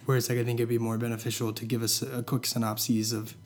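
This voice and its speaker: A man's voice: medium pitch, level tone, fast talker. A young man co-hosting a casual podcast, easygoing and hedging with lots of fillers. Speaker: podcast co-host.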